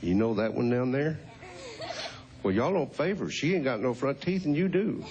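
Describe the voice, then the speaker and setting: A man's voice: mid-range voice, lively intonation, normal speed, a little mellow, muffled recording. A man in his fifties hosting a show, chatting with children in a folksy, teasing way and chuckling often. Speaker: host. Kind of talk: casual chat with children.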